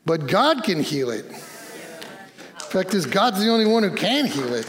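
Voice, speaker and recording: A man with a fairly high voice preaches in church. He tells the story with lively, acted-out dialogue and a playful energy. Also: a little fast, creaky. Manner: animated storytelling with quoted dialogue and laughs. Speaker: pastor. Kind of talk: sermon.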